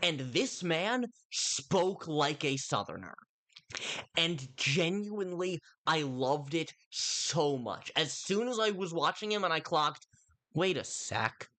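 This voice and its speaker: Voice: mid-range voice, a bit bright. A livestreamer giving casual spoken commentary on a film, rambling, often breaking off mid-sentence to restart, and addressing viewers in chat directly. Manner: rambling, with frequent self-interruptions and restarts.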